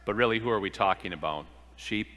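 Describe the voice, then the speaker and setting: A man's voice: lowish voice, quick pace, sharp tone, big-room sound. A man preaching a sermon, earnest, asking rhetorical questions and acting out the quoted lines. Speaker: pastor.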